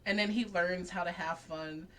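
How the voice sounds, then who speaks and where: Bright, animated woman chatting. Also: fairly low pitch, normal speed, slight background noise. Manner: animated storytelling, acting out quoted dialogue, frequent "like"; laughs often while talking. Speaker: guest. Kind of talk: casual interview chat.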